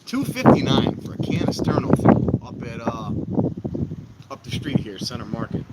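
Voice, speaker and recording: A man's voice: medium pitch, sing-song, moderate pace, heavy background noise. Rambling man on an outdoor livestream. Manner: rambling, joking, talks to viewers. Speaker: livestream host. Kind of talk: casual livestream chat. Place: outdoors by a fire pit.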